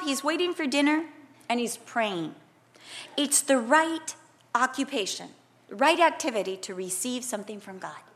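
A middle-aged woman delivers a sermon in a voice pitched a little high. She moves from scripture teaching into a lively personal story and acts out the quoted lines with sudden loud bursts. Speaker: preacher.

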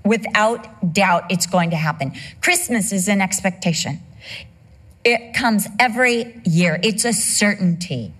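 A woman's voice: medium pitch, a little slow, a bit bright. A middle-aged woman preaching a sermon, teaching from scripture and slipping into humorous personal stories. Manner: conversational, tells humorous personal anecdotes.

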